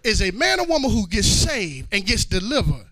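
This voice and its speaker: A pastor in his forties preaching a shouted call-and-response sermon in a church, with a rhythmic cadence and an "uh" before each phrase. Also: high-pitched, sing-song, normal speed, no echo. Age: 40s. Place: church sanctuary.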